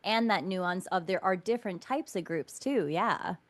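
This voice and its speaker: A woman's voice: on the low side, moderate pace. A woman hosting a casual interview, bubbly and enthusiastic, often affirming her guest. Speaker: interview host.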